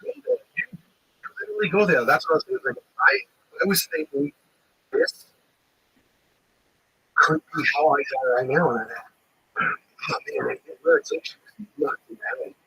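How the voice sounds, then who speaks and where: A man in casual chat, retelling a story in an animated way, swearing freely and acting out what others said. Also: high-pitched, moderate pace, vocal fry, pauses often, husky, dry recording, low-quality recording. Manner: animated, swearing, acts out quotes. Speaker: livestream host.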